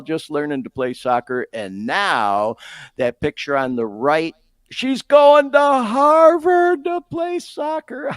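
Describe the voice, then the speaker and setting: A middle-aged man hosting a podcast, talking in a casual, excited way and saying "y'all" and "man" a lot. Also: mid-range voice, no room sound, studio quality. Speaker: podcast host.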